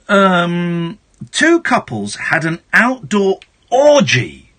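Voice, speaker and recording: A middle-aged man hosting a late-night phone-in radio show, switching from shouty mock outrage to soft reflection. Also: a little high, very animated, unhurried, slightly rough. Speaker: radio talk show host.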